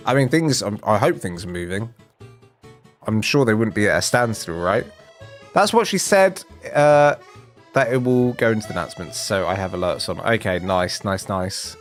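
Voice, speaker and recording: A man's voice: on the low side, lively intonation, normal speed, faint music behind. A man chatting casually on a live game stream, rambling and self-deprecating with a jokey manner. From England.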